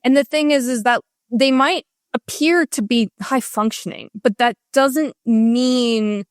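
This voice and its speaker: A woman guest in a candid interview, talking with passion and emphasis, in rushes with many restarts. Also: on the high side, clear, resonant tone, no echo, clean studio sound. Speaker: guest author.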